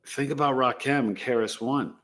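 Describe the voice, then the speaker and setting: This New York City astrology host speaks fairly quickly in a medium-pitched voice on his live stream. His talk is casual and slangy, emphatic, animated and boastful.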